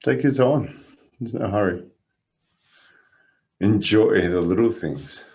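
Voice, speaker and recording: A man with an Australian accent and a fairly low voice talks as a coach in casual podcast conversation. His guidance is calm and encouraging, and his storytelling is lively and full of laughter. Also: slow pace.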